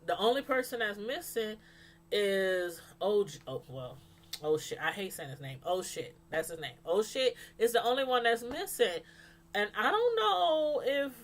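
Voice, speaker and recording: A woman reviewing a TV show in casual chat, rambling, animated and full of fillers. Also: medium pitch. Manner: animated, acts out quotes from the show; loose, rambling delivery with many fillers.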